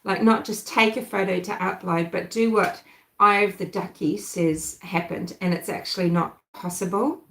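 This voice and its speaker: A woman from New Zealand with a softened New Zealand accent, hosting a casual true-crime livestream and chatting with viewers. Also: on the low side, steady tone, normal speed, creaky, echoey room, low-quality recording. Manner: chatty, thinks aloud, answers live chat. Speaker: livestream host.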